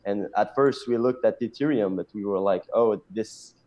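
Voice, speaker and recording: A man with a French accent talks through a casual interview at a low pitch, stopping often with fillers. His voice sounds dark and mellow. The audio comes across dull and lo-fi, as if from a call. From Canada. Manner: halting, many pauses and fillers. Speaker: chief technical officer guest.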